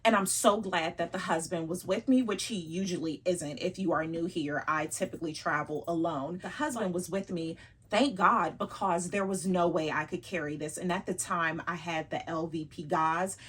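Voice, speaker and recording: A woman's voice: lowish voice, fairly even intonation, moderate pace, fairly bright tone, slightly rough. A woman vlogger chatting casually about her luxury bags, laughing often and teasing herself.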